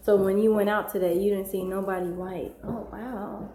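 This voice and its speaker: A woman's voice: medium pitch, little pitch movement, normal speed. A woman hosting a casual live stream at home, reading viewers' comments and talking in a slangy, rambling way that keeps getting sidetracked. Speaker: live-stream host, mother. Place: home, with children nearby. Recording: echoey room with faint noise.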